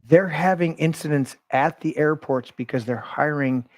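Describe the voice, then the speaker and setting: A man hosting a casual conversation, telling animated stories and swearing freely. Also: on the high side, normal speed, no room sound. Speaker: podcast host.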